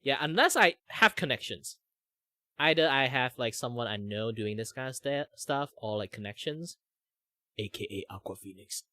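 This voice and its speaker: A man's voice: moderate pace, no room sound. A man from Malaysia with a Malaysian accent, whose first language is Chinese, chatting casually as a vtuber streamer. He talks loosely with many fillers. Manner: switches between a higher voice and a deep relaxed voice. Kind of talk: casual chat.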